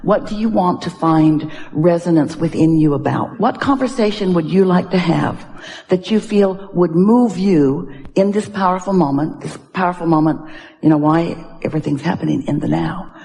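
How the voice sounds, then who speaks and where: A woman giving a channeled inspirational talk to an audience, speaking as "we" with emphatic repetition and drawn-out exclamations. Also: lowish voice, creaky, dark tone, in a large hall. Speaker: spiritual speaker addressing an audience.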